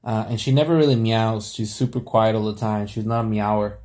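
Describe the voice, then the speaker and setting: A man's voice: fairly low pitch, fairly quick, a little mellow. A young man talking casually to camera late at night, rambling with lots of fillers and restarts.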